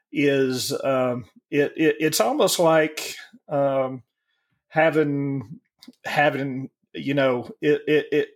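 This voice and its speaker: Slow-talking man in his forties. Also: mid-range voice. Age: 40s. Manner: slow, joking, profane, with halting restarts. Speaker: podcast co-host. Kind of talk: casual chat.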